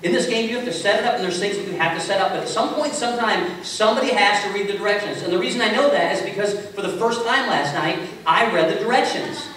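A man preaching a sermon as a pastor, telling stories in a relaxed, conversational way with self-mocking humor. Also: sits high, fast, few pauses. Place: large echoey church sanctuary. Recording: echoey hall from far off with faint hiss.

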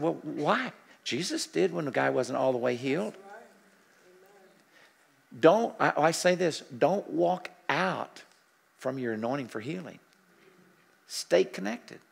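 An older man preaching a healing sermon, telling stories with lively acted-out dialogue and dropping to soft, murmured prayers. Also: fairly high pitch, gravelly. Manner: animated storytelling, acting out dialogue, drops to soft prayerful murmurs. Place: church sanctuary.

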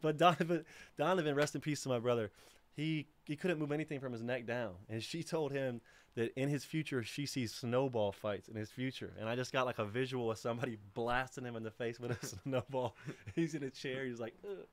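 A man hosting a casual call-in livestream, talking in a relaxed, rambling way and laughing easily. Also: medium pitch, a little fast. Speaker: livestream host.

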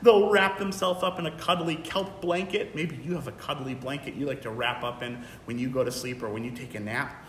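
A man's voice: mid-range voice, fairly quick, roomy sound, a little hiss or hum. A man working as a museum educator, reading a picture book aloud to young children in an encouraging way. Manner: warm, encouraging, talks to young kids. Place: museum program room.

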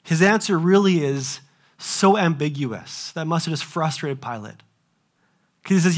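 A young man preaching from the pulpit, his voice sitting a touch high for a man. He keeps it animated, firing off rhetorical questions and slipping into the voices of the people he quotes. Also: measured pace. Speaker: pastor. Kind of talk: sermon.

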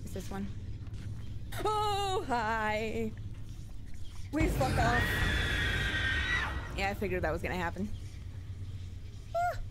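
Woman game streamer, lively swooping voice, foul-mouthed running commentary on horror games. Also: on the high side, slow pace, long pauses, very noisy. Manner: swears freely, chatty and expressive. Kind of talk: live reactions to horror games.

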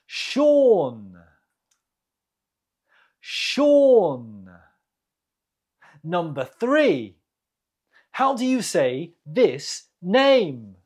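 Quiz-host teacher with a husky tone, very slow, lively rise and fall, repeats every word for learners. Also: medium pitch. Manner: repeats each word clearly, pauses for the listener. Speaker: English teacher hosting a quiz.

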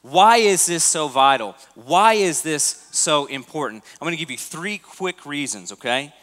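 A man's voice: on the high side, lively intonation, measured pace, fairly bright tone. A pastor giving a sermon, talking in a casual way and putting questions to his congregation. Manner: conversational preaching, asks the congregation questions. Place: church auditorium. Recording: long hall reverb.

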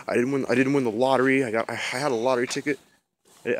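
A man's voice: mid-range voice, steady tone, fast, a little hiss or hum. Young guy vlogging outside on his camera, rambly, laying the drama on thick. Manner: rambling, mock-dramatic self-pity. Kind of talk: casual vlog to camera. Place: outdoors outside a house.

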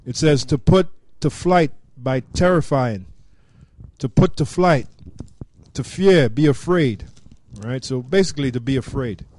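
A man in a casual scripture discussion, explaining words haltingly with many fillers. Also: mid-range voice, darkish tone.

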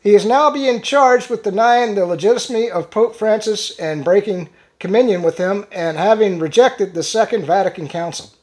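A man's voice: high voice, a little mellow. A man reads social media posts aloud on his own commentary show. He stumbles over words and restarts them, breaking off for sarcastic, conversational asides. The delivery stays loose and unscripted. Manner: halting, restarts words while reading. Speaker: channel host.

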